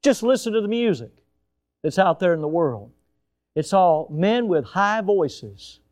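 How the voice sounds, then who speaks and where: An older man, a pastor, preaching a sermon with emphatic rises and sudden quiet drops. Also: high voice, big pitch swings, unhurried.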